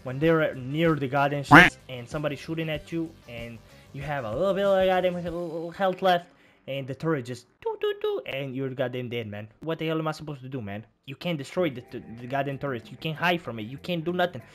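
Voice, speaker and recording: A man giving casual gameplay commentary, profane and excitable, trash-talking as he plays. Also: fairly high pitch, fairly quick. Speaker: gaming channel host. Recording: game music behind.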